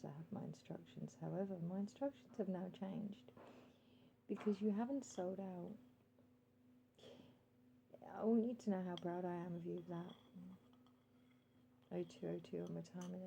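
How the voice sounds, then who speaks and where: A woman vlogger delivering a heartfelt monologue straight to camera, addressing her listener respectfully as sir. Her voice is low, dark and gravelly with plenty of fry. She hesitates often and checks her timer aloud between thoughts. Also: fairly even intonation, moderate pace, pauses often, slight background noise, low-quality recording. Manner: calls out timer readings while talking.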